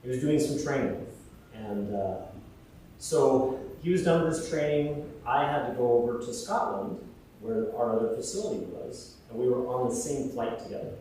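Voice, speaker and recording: A man's voice: mid-range voice, normal speed, dark tone, slight background noise. A man giving a eulogy, fond and hesitant, with many fillers and restarts. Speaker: eulogy speaker. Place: large funeral hall. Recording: echoey hall, mic far off.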